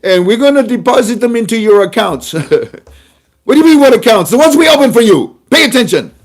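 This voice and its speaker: A man putting on the voice of a self-satisfied male central bank governor addressing citizens, in a high, loud, theatrical announcer voice. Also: lively intonation, fairly quick, heavily acted. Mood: grandstanding.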